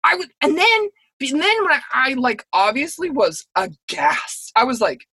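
A woman podcast co-host telling a story in casual chat, with a profane, animated ranting delivery. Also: high-pitched, unhurried, husky, no room sound.

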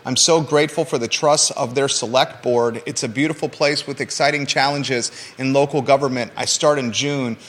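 A man's voice: mid-range voice, fairly even intonation, normal speed, hardly any pauses, a bit bright, in a large hall. A man hosting a local talk show, reading news items and then bantering playfully with his co-host with lots of teasing questions.

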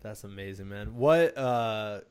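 A man hosting a podcast, asking relaxed, curious questions in a casual interview. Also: on the low side, unhurried, clear, resonant tone. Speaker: podcast host.

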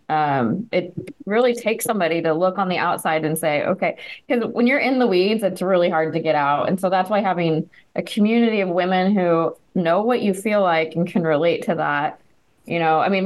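Low-voiced woman co-host. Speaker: podcast co-host. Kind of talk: casual interview chat.

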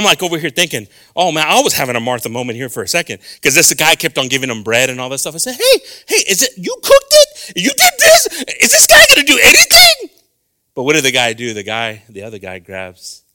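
A middle-aged man preaching a sermon in church, animated and switching between English and Spanish, acting out dialogue as he goes. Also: medium pitch. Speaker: pastor. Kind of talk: bilingual sermon. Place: church sanctuary.

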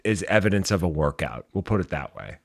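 A man co-hosting a podcast in casual chat, with a deadpan, darkly humorous manner. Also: low-pitched, brisk, creaky. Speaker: podcast co-host.

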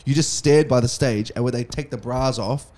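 A man's voice: mid-range voice, normal speed. A young man, telling crude, swear-filled stories in a casual podcast chat. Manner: crude, swearing, animated storyteller. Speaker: podcast co-host.

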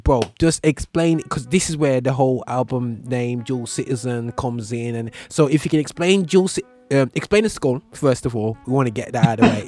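A man with a Birmingham accent hosts a relaxed chat, talking in a loose, rambling way with slang. He laughs often as he goes. Faint music plays behind him. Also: mid-range voice. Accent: Birmingham English. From Birmingham, England. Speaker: show host. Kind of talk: casual interview chat.

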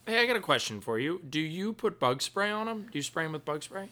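A man's voice: fairly high pitch, very animated, quick pace, sharp tone. A man from New York co-hosting a podcast, joking and asking lots of questions. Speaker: podcast co-host. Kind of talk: casual chat.

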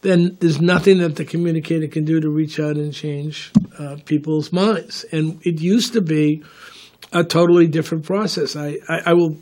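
A man's voice: on the high side, steady tone, normal speed, a little mellow. An older man in casual political talk, rambling and repeating words while telling anecdotes. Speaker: political commentator.

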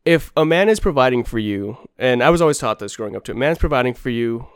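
A man hosting a casual podcast chat, telling lively stories and acting out what others said. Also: mid-range voice, quick pace, clear, resonant tone, dry recording, clean studio sound. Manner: animated storyteller, acts out quotes. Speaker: podcast host.

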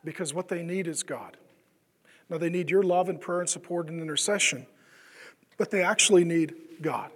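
A pastor delivers a conversational sermon in a large hall, often asking the congregation questions and acting out the voices of people he describes. His voice is a little high, fairly bright and husky, at a normal speed.

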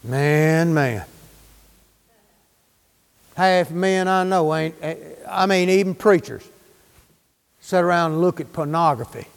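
A man's voice: fairly high pitch, slow pace, creaky, pauses often, smooth, big-room sound. A man preaching a sermon, fervent and folksy, firing questions at his congregation.

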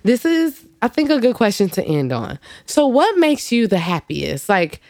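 A woman producer asking a podcast host questions in lively, casual chat, often laughing. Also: fairly high pitch, normal speed, dry recording, clean studio sound.

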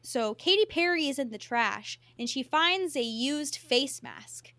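A woman co-hosting a podcast, talking in a casual, animated way with lots of filler words. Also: high-pitched, unhurried, dry recording. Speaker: podcast co-host. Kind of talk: casual chat.

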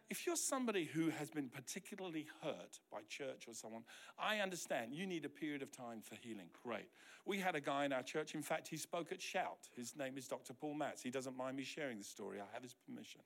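A middle-aged pastor from New Zealand preaches to his congregation with a voice of ordinary pitch for a man. He tells stories and acts out the lines of the people in them. For tender moments he lowers his voice until it is soft and quiet. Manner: storytelling, acting out quoted dialogue. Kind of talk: sermon.

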